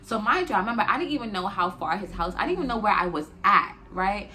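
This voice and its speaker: A woman's voice: medium pitch, lively intonation, fast, pushed and bright. A young adult woman telling a personal story in a casual, chatty way, with lots of "like" and "y'all" as she talks to her viewers.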